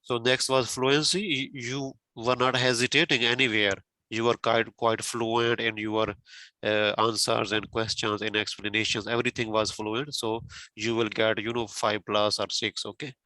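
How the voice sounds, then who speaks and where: A man's voice: medium pitch, little pitch movement, normal speed, pushed and bright, dry recording, rough recording. A male tutor giving spoken feedback on a mock speaking exam, patiently explaining step by step and often saying "okay" and "you know".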